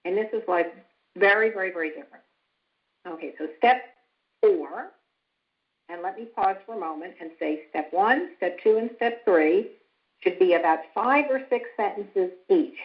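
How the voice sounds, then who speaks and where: A woman lecturing in a calm, instructive way and breaking into acted-out example lines. Her voice sits at a middle pitch. The recording is a little dull and lo-fi. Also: normal speed. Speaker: psychologist lecturing on family estrangement. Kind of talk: explanatory talk with acted-out example dialogue. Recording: slightly dull lo-fi sound.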